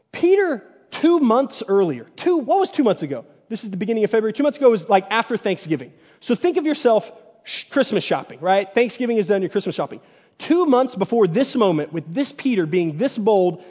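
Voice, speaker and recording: A male preacher with a high voice gives a casual, conversational sermon from a church stage, slipping into paraphrased dialogue. The sound is dull and lo-fi, with a long hall reverb.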